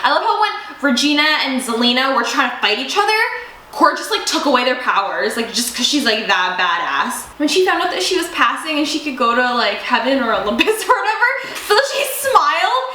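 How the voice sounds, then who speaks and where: A woman's voice: sits high, sing-song, fairly quick, sharp tone. A young woman co-hosting a casual TV review chat, gushing and giggly, swearing casually. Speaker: co-host. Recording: echoey room with faint hiss.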